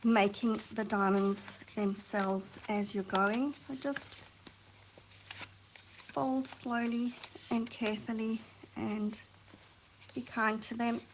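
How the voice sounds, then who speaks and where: A woman hosting a craft tutorial, chatting and thinking aloud as she works, sometimes dropping to a soft near-whisper while she concentrates. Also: a little high, fairly even intonation, slow, long pauses, a little hiss or hum, rough recording. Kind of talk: chatty hands-on craft demonstration.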